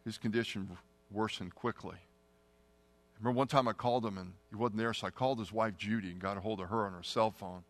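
A middle-aged man telling a personal testimony story, earnest and often dropping to a hushed tone. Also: on the low side, steady tone, fairly quick. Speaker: testimony speaker.

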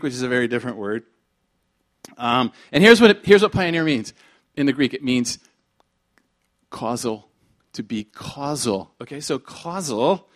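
Animated preacher man with shouted peaks. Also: medium pitch. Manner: animated, swings from quiet asides to shouted emphasis; conversational with repeated phrases and rhetorical questions. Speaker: pastor. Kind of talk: sermon.

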